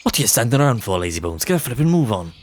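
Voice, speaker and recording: A man's voice: mid-range voice, very animated, very fast. A man voicing a brash, cheeky male fairy sidekick in a game, scolding and blustery. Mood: bossy.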